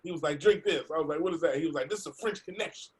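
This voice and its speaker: A man, a comedian, telling an animated story over a video call, laughing and acting out the voices of other people. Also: fairly high pitch, rapid-fire, background noise. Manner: laughing, acts out voices in his stories. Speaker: comedian guest.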